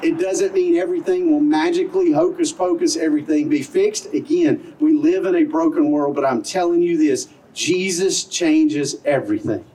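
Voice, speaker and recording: A man's voice: fairly high pitch, moderate pace, hardly any pauses, warm tone, far from the mic, poor audio. A middle-aged man preaching an outdoor sermon as pastor, earnest and conversational, full of rhetorical questions. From American South. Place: outdoor service in a parking lot.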